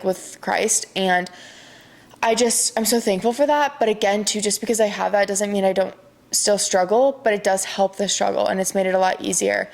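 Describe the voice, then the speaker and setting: A young woman speaking at a middling pitch hosts a solo podcast in a loose, diary-like chat. She rambles openly, confiding in her listeners, with frequent "like" and "um" fillers. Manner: rambling, open and confiding, heavy use of "like". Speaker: podcast host.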